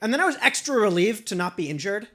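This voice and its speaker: A man's voice: high-pitched, very animated, fast, bright, forceful tone. A man doing a rambling, self-deprecating stand-up set in a small apartment, acting out little voices. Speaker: stand-up comedian. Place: small apartment with a live audience. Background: audience laughter.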